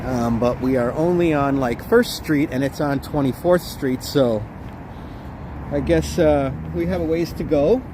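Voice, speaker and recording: A man's voice: a little high, a little slow. A man chatting casually on a walking live stream, reading viewer comments aloud as he goes. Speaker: livestream walking vlogger. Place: city streets outdoors. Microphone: handheld phone. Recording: outdoor phone stream with street noise. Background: faint traffic and street noise.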